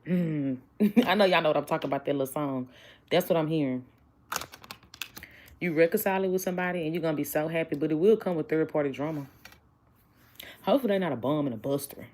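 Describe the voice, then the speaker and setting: A woman's voice: low-pitched, fast talker, long pauses, darkish tone, slight background noise. A chatty woman doing a casual tarot reading, blunt and joking with her viewers. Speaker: tarot reader.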